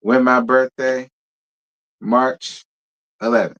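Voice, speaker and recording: A man's voice: medium pitch, slow pace, clear, resonant tone, highs cut off. A man hosting a live-stream review show, talking casually and sassily to his viewers. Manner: sassy, animated, talks straight to his viewers.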